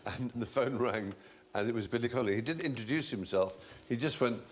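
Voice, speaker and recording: A man's voice: medium pitch, fairly quick, slight background noise. A man hosting a TV panel show, telling comic anecdotes and slipping into mimicked voices. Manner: playful storyteller who slips into mimicked voices. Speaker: quiz show host.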